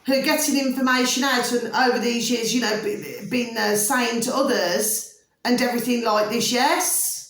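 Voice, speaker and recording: A woman's voice: on the high side, steady tone, normal speed, a bit bright. A woman talking emphatically to camera in a casual rant, repeating questions to her viewers. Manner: repetitive, keeps asking "do you see what I'm saying"; emphatic, peppered with "flipping". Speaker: video blogger. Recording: echoey room.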